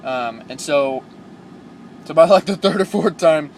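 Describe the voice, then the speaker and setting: A young man tells road stories in a casual vlog, loose and rambling, stacking "like" and "um" as he goes. His voice sits a little high. A faint hum of the truck and its air conditioning runs underneath. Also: measured pace. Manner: rambling, filler-heavy, excitable. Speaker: new truck driver vlogging.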